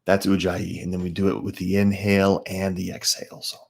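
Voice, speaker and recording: A man teaching a live guided meditation class, calmly explaining breathing techniques and greeting viewers by name. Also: low-pitched, fairly quick, creaky.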